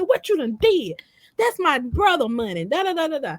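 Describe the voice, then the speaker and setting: A woman's voice: high-pitched, normal speed, dry recording, faint music behind. A woman recounting her own story in casual conversation, repeating phrases and quoting herself. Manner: animated, repeats phrases, quotes herself in dialogue.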